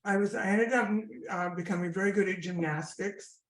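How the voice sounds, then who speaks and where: Scottish woman in her sixties, animated storyteller, echoey room, mid-pitch voice. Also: a little fast. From Scotland. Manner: chatty, animated storyteller with asides. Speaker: guest comedian. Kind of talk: casual storytelling interview.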